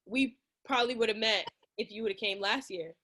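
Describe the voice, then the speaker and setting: A young woman hosting an interview in a relaxed, slangy, casual way, teasing her guest. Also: on the high side, brisk. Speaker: interview host. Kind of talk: casual chat.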